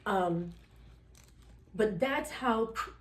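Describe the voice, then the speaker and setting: In a mid-range, expressive voice, a woman talks very slowly over a little hiss or hum. As a guest on a podcast, she rambles candidly through her own story, saying "you know" and "like" a lot and frequently performing the voices of those she quotes. The room echoes.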